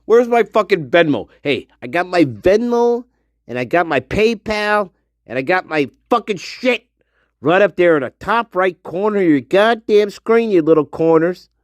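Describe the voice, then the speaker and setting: A man's voice: sits high, expressive, normal speed, dry recording. A man hosting a one-man livestream show. He chats casually in a profane, rambling way and laughs often.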